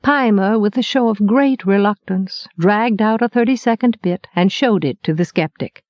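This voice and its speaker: A woman reading an audiobook as narrator, with expressive, measured storytelling. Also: mid-range voice, no echo, dull audio. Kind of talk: scripted narration.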